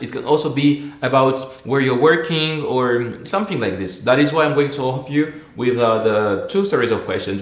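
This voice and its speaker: A man with as his hosts an English lesson in a voice of ordinary pitch. He restarts phrases and stretches words slowly to model them. The room gives his voice a clear echo. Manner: repeats and restarts words, slows to model pronunciation. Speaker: English teacher. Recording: echoey room.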